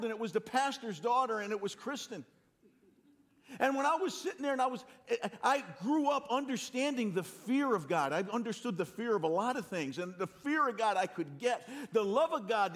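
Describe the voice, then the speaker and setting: This pastor, a man in his sixties, has an extremely high-pitched voice and a Northeastern US accent. His sermon is filled with animated stories at his own expense, and he restarts himself often.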